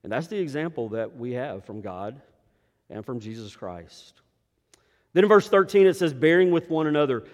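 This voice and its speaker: Pastor preaching in a reverberant hall. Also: male voice, mid-range voice, expressive, moderate pace, highs cut off. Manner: preaching with emphatic rises and hushed drops. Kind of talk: sermon. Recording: long reverb of a large hall.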